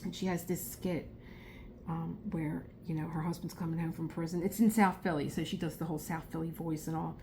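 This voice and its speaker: A chatty woman from Philadelphia speaks in a low-ish, mellow voice with a South Philadelphia accent, fairly quick and fairly even in intonation. As a crafting vlogger she rambles casually and laughs often, over a little hiss or hum.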